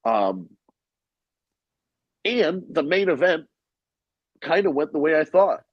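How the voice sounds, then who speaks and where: A man's voice: on the high side, very animated, slow, no room sound, dull audio. A man hosting a podcast, talking in a casual, rambling and profane way with strong opinions. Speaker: podcast host. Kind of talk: casual chat.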